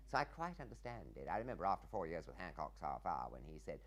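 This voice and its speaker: An English man in his fifties recounts theatre anecdotes in an interview. His pitch leaps and swoops all over the place as he slips into mimicking voices for quoted lines, and he laughs often. His speaking voice sits on the low side. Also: big pitch swings, fast talker, hardly any pauses. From England. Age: 50s.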